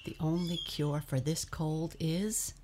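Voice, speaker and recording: Woman doing a calm low lion doctor, whispery and very slow. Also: a little hiss or hum. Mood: reassuring. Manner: hushed, reassuring. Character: calm wise old male lion doctor. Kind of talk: bedtime storybook reading.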